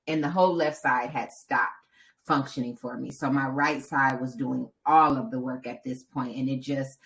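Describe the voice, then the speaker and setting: A woman with a low voice tells a story on a casual podcast. She is animated and brings in the voices of the people she met along the way. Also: moderate pace. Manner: animated storytelling, acting out other people's lines. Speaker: podcast co-host and marathon runner.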